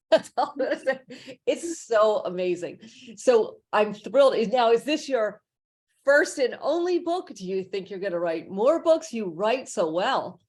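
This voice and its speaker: A woman's voice: mid-range voice, very animated, a little slow, a little mellow. A woman hosting an interview over a video call, chatty, enthusiastic and effusive in her praise. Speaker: podcast host. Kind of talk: interview conversation.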